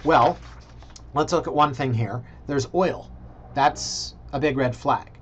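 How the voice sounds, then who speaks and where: A man's voice: medium pitch, takes it slowly. A man, a realtor chatting casually through property listings and thinking aloud with joking asides. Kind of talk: casual screen-share vlog commentary. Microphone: computer mic.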